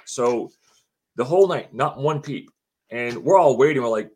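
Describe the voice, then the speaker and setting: A man's voice: mid-range voice, moderate pace, husky. A man telling a story in casual talk, acting out what others said. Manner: animated, acts out quotes of others. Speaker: homeowner telling his story.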